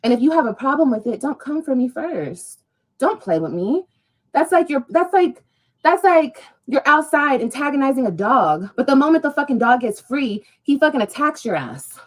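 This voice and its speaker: A woman on a livestream rants at her critics in a fairly high voice that swings widely in pitch. She is confrontational and profane and mocks her detractors as she talks straight to her viewers. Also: lively intonation, moderate pace, poor audio. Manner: addresses viewers directly. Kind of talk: ranting livestream monologue.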